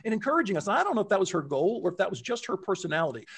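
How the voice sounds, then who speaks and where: A man telling a story in casual conversation, acting out quotes with lively jumps in his voice. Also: racing, slightly rough. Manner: animated, acts out quotes with big pitch jumps.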